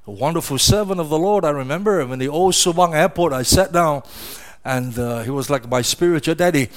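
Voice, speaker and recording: A middle-aged man preaching a sermon, emphatic and questioning, often repeating words as he presses his point. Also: a little high. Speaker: pastor.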